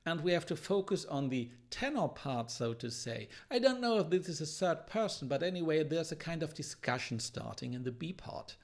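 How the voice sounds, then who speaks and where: A man teaching classical guitar, analysing a piece in a thoughtful, explanatory way and pausing now and then to search for words. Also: a little high, animated. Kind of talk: music analysis lesson. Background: guitar playing.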